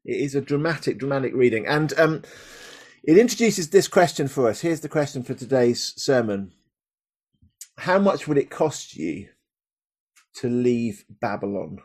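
A man's voice: medium pitch, animated, moderate pace, a little mellow. A man pastor reading scripture dramatically, then preaching in a conversational way with fillers and restarts.

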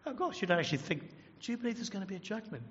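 A man's voice: high-pitched, big pitch swings, racing, fairly bright tone, in a large hall, highs cut off, a little hiss or hum, pitched above the performer's own voice. A man voicing a scoffing office colleague who mocks belief with incredulous questions. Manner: incredulous, mocking.

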